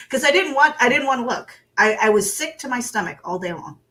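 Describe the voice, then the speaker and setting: A woman's voice: on the high side, lively intonation, a little fast, a bit bright, a little hiss or hum. Candid, laughing woman guest. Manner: candid, laughing, self-deprecating. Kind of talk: casual chat.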